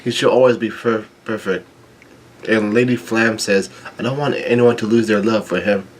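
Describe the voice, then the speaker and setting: A man reading a comic chapter aloud, stumbling, restarting words and filling pauses with ums. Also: fairly low pitch, fairly even intonation, slight background noise. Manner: halting, with frequent restarts and ums. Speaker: manga chapter reader.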